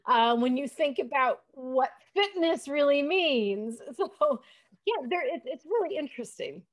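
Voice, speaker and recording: A woman's voice: high voice, animated, measured pace. A woman co-hosting a casual chat, talking in a chatty, enthusiastic way. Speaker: co-host, historian.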